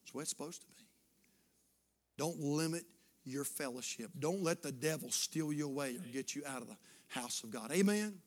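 A man preaching a fervent sermon as pastor, repeating phrases and building to shouts. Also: a little high, normal speed.

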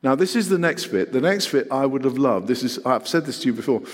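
Middle-aged preacher, earnest sermon delivery with rhetorical questions, long reverb of a hall. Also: male voice, medium pitch, lively intonation, quick pace. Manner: earnest, rhetorical questions, shifting between loud and hushed.

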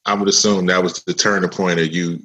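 A man with a low voice and a bright, forceful tone, asking questions in a casual interview. He is blunt and informal and often restarts his questions before he finishes them. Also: flat delivery, a little fast.

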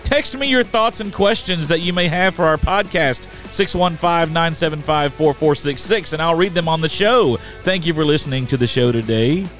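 A man's voice: on the high side, normal speed, few pauses, faint music behind. A man hosting a casual church podcast, leading a prayer and joking with his co-host and guest. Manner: joking, animated, teasing.

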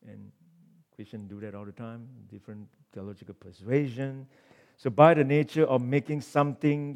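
A man preaching a sermon, reading scripture aloud and swinging between forceful emphasis and quiet asides, with rhetorical questions to the congregation. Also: mid-range voice. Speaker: pastor.

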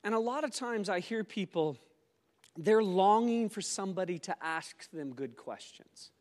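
A man preaching a sermon at a church conference, animated, rising to loud exclamations and dropping to soft reflective asides. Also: high voice, a little slow. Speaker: conference speaker. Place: church auditorium. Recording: live in a large hall with long reverb.

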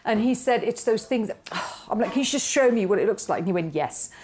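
A woman's voice: medium pitch, brisk, slight background noise. A middle-aged woman, a company founder, telling her story in an interview and acting out the voices of the people in it. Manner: animated, acts out quoted dialogue.

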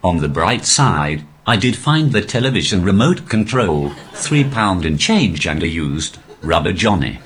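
A male stand-up comedian talking through a posh, robotic text-to-speech voice with a deadpan, even delivery. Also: deep voice, unhurried, hardly any pauses, background noise. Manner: deadpan, evenly paced delivery. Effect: synthetic text-to-speech voice. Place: live comedy venue.

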